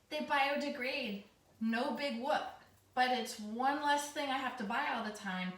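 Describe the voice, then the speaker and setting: Chatty woman with a bright, echoey sound. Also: sits high, far from the mic. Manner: chatty, teasing, talking loud in a teacher voice. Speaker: teacher and vlogger. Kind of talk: casual home vlog. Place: home kitchen. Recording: echoey room, voice somewhat off mic.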